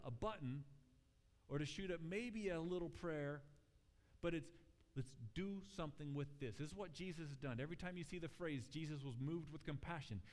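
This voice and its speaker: A man preaching a sermon in a church sanctuary, his fairly high voice carrying a long reverb through the hall. He talks casually and with animation, acting out quotes as he tells stories. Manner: conversational, animated storytelling with acted quotes. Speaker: pastor.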